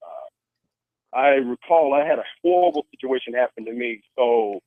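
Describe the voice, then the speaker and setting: A man's voice: medium pitch, expressive, moderate pace, no room sound. A man on a call-in show telling a personal story in an earnest way, with restarts and acted quotes. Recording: tinny phone line, dry.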